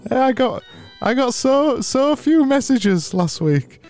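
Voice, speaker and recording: A man putting on a high, sing-song, over-cheery voice of a forced happy man, with faint music behind. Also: slow pace, a little mellow. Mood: gushing.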